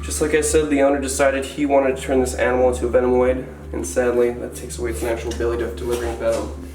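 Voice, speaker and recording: A man hosting a wildlife vlog, chatting playfully while he cleans enclosures and talks to the animals. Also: mid-range voice. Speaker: wildlife keeper and vlog host. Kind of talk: casual narration while working. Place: indoor animal enclosure room. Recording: roomy, distant mic, music underneath.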